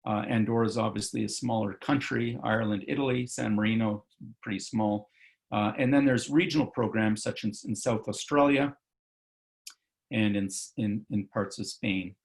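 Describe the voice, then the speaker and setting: A man's voice: lowish voice, normal speed, vocal fry. A male physician giving an online medical lecture over slides, talking loosely with many fillers and self-corrections.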